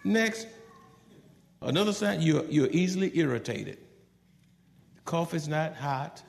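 Pastor, male, gravelly and fairly high voice, animated sermon delivery, long hall reverb. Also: measured pace. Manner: swings from hushed to loud, animated preaching with quoted asides.

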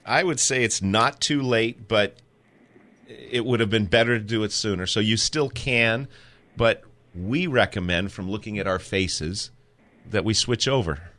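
A man's voice: fairly low pitch, measured pace, bright, forceful tone. A man hosting a radio gardening call-in show, playful and joking with his co-host. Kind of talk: casual radio chat.

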